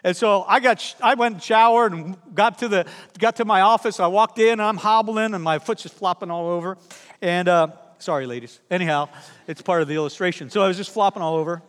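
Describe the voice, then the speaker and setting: A middle-aged male pastor delivers a sermon, animated and funny as he acts out the people in his own stories. His voice sits high for a man, and a long hall reverb trails behind every phrase. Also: fairly quick. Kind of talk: sermon with personal storytelling. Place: church sanctuary.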